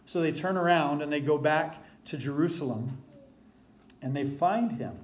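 Preaching as the pastor, a man speaks with emphasis and deliberation, easing his pace whenever a key phrase needs weight. His pitch sits on the high side.

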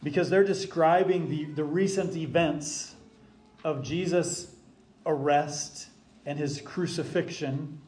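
A man preaching a sermon from the pulpit as the pastor, emphatic and deliberate, slowing down to stress key phrases. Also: on the high side, steady tone, a little mellow.

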